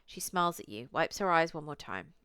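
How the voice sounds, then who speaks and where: A woman's voice: low-pitched, expressive, fairly quick, sharp tone, clear, resonant tone, no room sound. A young woman streamer reading a visual novel aloud, with chatty, cursing asides to her chat.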